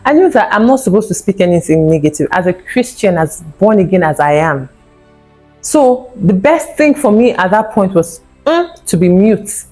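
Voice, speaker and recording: A woman in her thirties vlogs her personal fertility testimony, retelling it earnestly and emotionally and acting out the quotes. Her mid-range voice is very animated and a little mellow at a normal speed, over soft background music on a low-quality recording.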